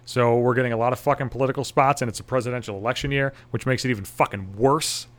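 A man who works in radio unloads a profane, angry monologue. He swears constantly and laces the rant with sarcasm. His voice sits at an ordinary middle pitch. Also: steady tone, quick pace. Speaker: radio station worker.

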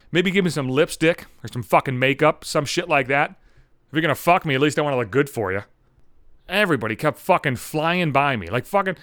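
Lively, foul-mouthed man in his thirties. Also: fairly high pitch, no room sound, clean studio sound. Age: 30s. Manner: exasperated, swearing constantly, self-deprecating rant. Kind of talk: profane comedic monologue.

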